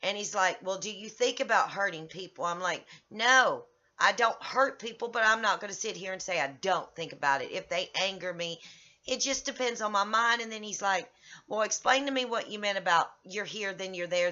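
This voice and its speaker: A middle-aged woman vlogging about a therapy session, agitated and venting, her voice rising in loud bursts. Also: mid-range voice, brisk. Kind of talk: personal vlog recounting. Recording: slightly dull lo-fi audio.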